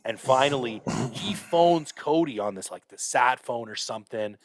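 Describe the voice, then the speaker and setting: A man hosting a podcast, telling a hunting story in a casual, profane, animated way with lots of fillers. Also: mid-range voice, normal speed, a little hiss or hum. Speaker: podcast host.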